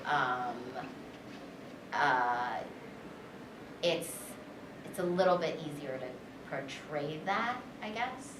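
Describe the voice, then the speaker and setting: A voice actress and director with a low voice recounts events animatedly at a convention panel interview, her chatty speech packed with fillers. The background is noisy, with chatter audible, and the distant mic picks her up in an echoey room.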